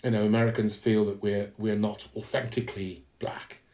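Earnest halting English man. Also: lowish voice, level tone, darkish tone. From London, England. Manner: earnest, reflective, halting with restarts. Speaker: podcast guest. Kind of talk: candid conversational interview.

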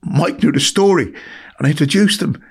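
Middle-aged Irish man, husky voice, emotional storyteller, emphatic. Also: fairly high pitch, fairly quick. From Ireland. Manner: heartfelt, emphatic, repeats words for emphasis. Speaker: podcast guest.

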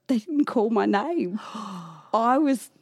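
A woman co-hosting a podcast, telling stories in lively casual chat and swearing freely. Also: on the high side, slow, breathy edge, no room sound. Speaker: podcast co-host.

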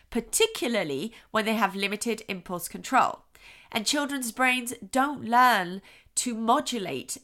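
A woman hosting a parenting podcast, explaining advice and acting out short voice examples. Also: medium pitch. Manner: expressive, acts out soothing and frustrated voices as examples.

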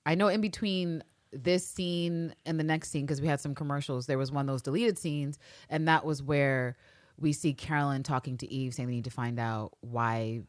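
A fairly low-voiced woman chatting on a podcast, cursing constantly and acting out the characters' lines. Close, dry sound with no room echo. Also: normal speed. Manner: profane, animated, acts out quotes. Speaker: podcast co-host. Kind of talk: casual recap chat.

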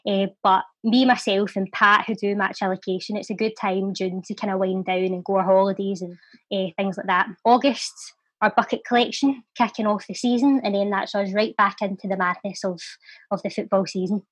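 A woman's voice: mid-range voice, fairly even intonation, a little fast, dry recording. A Scottish woman reading her own poem with a rhythmic, heartfelt delivery, then chatting casually as an interview guest. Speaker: guest, poet and charity volunteer. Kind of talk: poetry recital and casual interview chat.

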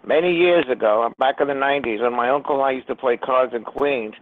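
A man's voice: medium pitch, fairly quick, slight background noise. Man, call-in show host, menacing profane rants, tinny phone-line audio.

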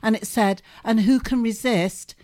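A woman's voice: on the high side, a little slow, a little mellow. An older woman co-hosting a podcast in casual chat, effusive and teasing, calling people darling. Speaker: podcast co-host.

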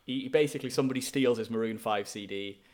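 Chatty man with a lively laugh. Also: medium pitch. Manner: chatty, laughs often, quick asides. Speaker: podcast co-host. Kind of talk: casual film review chat.

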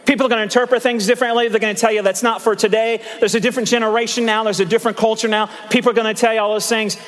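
A man in his fifties preaches a sermon in an animated, chatty style, spinning stories and tossing asides to his congregation. His voice sits high for a man and the words come quickly. Long reverb from the church sanctuary trails behind every phrase. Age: 50s. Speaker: pastor.

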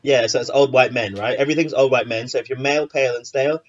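Man, mid-pitched voice, lively casual podcast banter. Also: fast talker, muffled recording. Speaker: podcast co-host. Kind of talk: casual chat.

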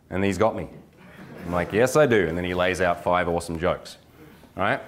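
Energetic lower-voiced male dating coach. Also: normal speed, pauses often. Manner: energetic, joking, acts out examples. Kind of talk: live workshop lecture.

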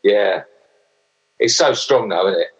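A man's voice: on the low side, lively intonation, a little slow, slightly rough, muffled recording. A man in his sixties from England, hosting a casual chat in an easygoing, jokey way. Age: 60s. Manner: easygoing, jokey, laughs along.

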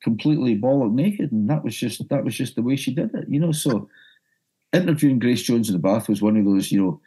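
A middle-aged broadcaster and music journalist from Glasgow, Scotland, shares an anecdote as a guest, lively and stumbling over repeated words. His medium-pitched voice is warm and slightly rough, with brisk delivery and lively intonation.

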